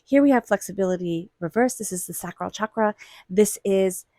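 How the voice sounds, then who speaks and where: A woman's voice: medium pitch, moderate pace, dark tone, no echo, studio quality. A woman giving a weekly tarot reading in a chatty way, often acting out quoted thoughts. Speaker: tarot reader.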